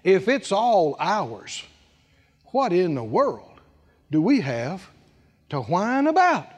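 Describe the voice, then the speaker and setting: High-voiced man preaching in an echoing hall. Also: huge pitch swings, takes it slowly, breathy edge. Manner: dramatic, acts out scripture scenes, emphatic repetition. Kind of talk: sermon. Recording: long hall reverb.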